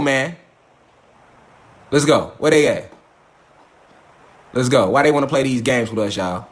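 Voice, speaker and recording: A man hosting a livestream, preaching in a profane, fast, mocking rant. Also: fairly high pitch, animated, a bit bright, roomy sound. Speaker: livestream host.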